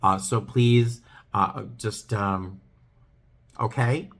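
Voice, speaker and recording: Middle-aged guy vlogging, low voice, earnest, lots of ums and pauses. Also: steady tone. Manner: hesitant, earnest, many ums and restarts. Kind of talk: talking to camera, heartfelt chat.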